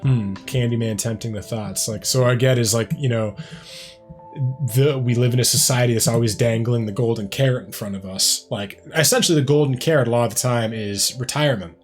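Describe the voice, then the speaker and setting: A man's voice: mid-range voice, brisk. A man hosting a music reaction video, talking in a rambling, reflective way, full of "like" and "um". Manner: rambling and reflective, heavy use of "like" and "um". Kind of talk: casual reaction commentary.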